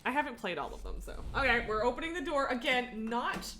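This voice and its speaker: A woman's voice: fairly high pitch, animated, fast talker, background noise. A young woman streaming a game live, chatting casually, swearing and laughing often. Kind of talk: casual live gaming commentary.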